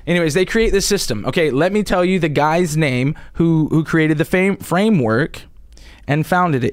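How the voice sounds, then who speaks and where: A man's voice: fairly high pitch, no echo, clean studio sound. A man hosting a casual political commentary show, rambling with many restarts and frequent chuckles. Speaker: show host presenting a topic.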